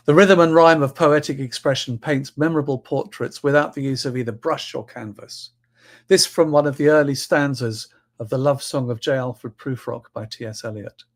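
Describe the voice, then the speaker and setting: Man reading poems out at a talk, punchy stresses then soft trailing endings, mid pitch. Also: normal speed. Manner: expressive reader, swings between loud stresses and soft trailing ends. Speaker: speaker at a livestreamed talk event. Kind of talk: spoken talk with poetry readings.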